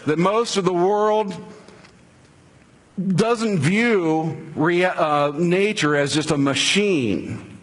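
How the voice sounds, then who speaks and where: A man's voice: high-pitched, very slow. A man preaching a sermon in a conversational way, asking rhetorical questions and restarting his sentences. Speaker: pastor.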